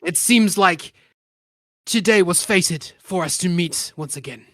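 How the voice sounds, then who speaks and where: A man voicing a calm old male mystic who speaks in a measured, gently knowing way. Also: sits high, dry recording, clean studio sound. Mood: serene.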